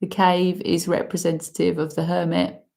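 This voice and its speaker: Lady reading oracle cards, talks slow n heartfelt, kinda low and gravelly. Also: level tone, darkish tone. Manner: slow, heartfelt, breaks into emotional laughs and sighs. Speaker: oracle card reader. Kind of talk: emotional spoken card reading.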